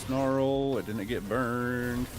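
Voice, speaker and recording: A man from Ohio, USA, streams a game and chats casually over soft background music, drawing out his words. His pitch is lively and jumps up and down, and he bursts out excitedly when things go his way.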